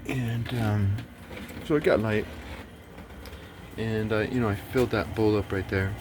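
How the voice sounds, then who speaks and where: A man's voice: on the low side, steady tone, measured pace, noisy background. A man talking in a rambling casual monologue, swearing often and turning agitated and preachy.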